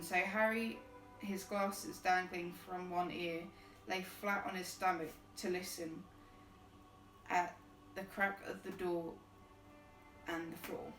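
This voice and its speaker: A woman streamer reading a storybook aloud in a relaxed way, with chatty, easygoing asides. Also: mid-range voice. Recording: roomy distant mic with faint music.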